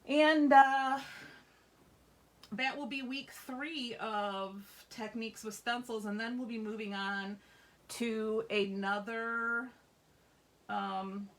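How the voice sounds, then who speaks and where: In a craft store classroom, a woman leads a live demo of a stamping technique, chatting cheerfully and reassuring her viewers. She has a mid-range voice, speaks slowly, and pauses often.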